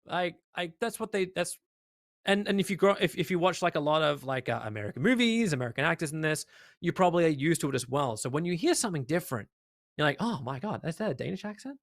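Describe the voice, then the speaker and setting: Animated Australian man, dry close sound. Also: on the high side, fast talker, dry recording. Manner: animated, emphatic, many fillers. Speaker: esports caster, guest. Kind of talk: casual interview chat.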